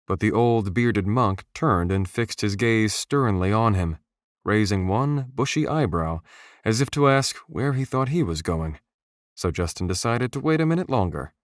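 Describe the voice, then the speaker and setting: A man reads a fantasy audiobook in a steady, measured way. His voice sits fairly low and is recorded close, with no room sound at all. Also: no echo. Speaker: audiobook narrator. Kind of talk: scripted narration. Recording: dry, close studio voice.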